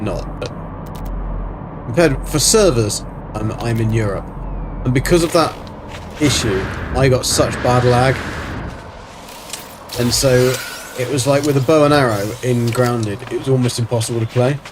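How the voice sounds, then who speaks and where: A man from Germany talks his way through a game on a livestream, rambling and swearing playfully as he goes. His voice sits at a middling pitch. Clear game noise runs underneath. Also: a little slow, pauses often. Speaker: livestream host. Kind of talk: casual gaming commentary.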